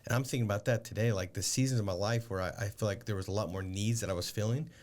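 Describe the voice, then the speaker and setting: A man co-hosting a podcast, talking in a relaxed, reflective way with plenty of "like" fillers. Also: on the low side, fast talker. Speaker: podcast co-host. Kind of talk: casual chat.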